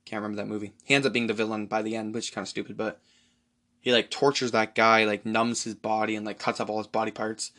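A man hosting a solo podcast, rambling excitedly and profanely through a movie recap. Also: on the low side, fast. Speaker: podcast host.

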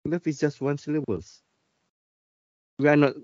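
A man's voice: mid-range voice, animated, moderate pace, creaky, long pauses, no room sound, muffled recording. Good-natured man. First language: Japanese. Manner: good-natured, laughing, gently correcting. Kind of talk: casual podcast chat.

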